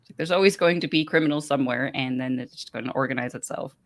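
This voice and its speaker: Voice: mid-range voice, fast. A podcast host recapping book chapters in a casual, rambling way with many hesitations.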